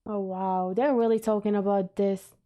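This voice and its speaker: A woman's voice: medium pitch, fairly even intonation, moderate pace, mellow. A woman hosting an anime reaction video, talking to herself casually with frequent emotional exclamations. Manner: emotional, exclaiming, thinks aloud.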